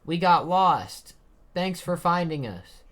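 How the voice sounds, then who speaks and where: A man reading aloud as an eager, curious young woman scientist with an excited voice. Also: on the high side, takes it slowly, voice pushed up, exaggerated voice. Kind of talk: manga read-aloud voice.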